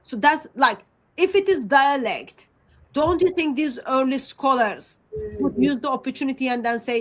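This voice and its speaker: A woman with a fairly high voice and a talks through her points on a casual livestream. She speaks haltingly, with many ums and restarts. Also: rough recording. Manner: hesitant, many fillers and restarts. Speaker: Christian apologist presenter.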